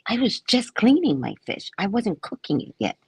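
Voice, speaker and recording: A woman psychic casually telling a story about her neighbors, animated and acting out the people she quotes. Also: fairly high pitch, normal speed, slightly rough, no echo. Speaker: psychic reader.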